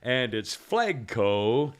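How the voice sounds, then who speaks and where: A man's voice: medium pitch, very animated, drawn-out words, smooth. A man hosting a talk radio show, rambling and sarcastic, often mocking people in put-on quotes. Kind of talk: casual talk radio chat.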